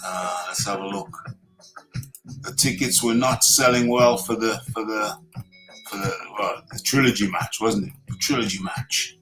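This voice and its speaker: A man's voice: lowish voice, fairly even intonation, moderate pace, a bit bright, faint music behind, poor audio. Emphatic man hosting a live show. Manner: emphatic, repeats himself while reading chat. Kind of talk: casual live-stream talk.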